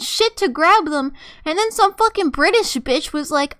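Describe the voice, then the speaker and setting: A woman's voice: sits high, lively intonation, normal speed, fairly bright tone. A young woman streamer telling a rambling, profane story in an exasperated, casual way, often laughing. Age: young adult.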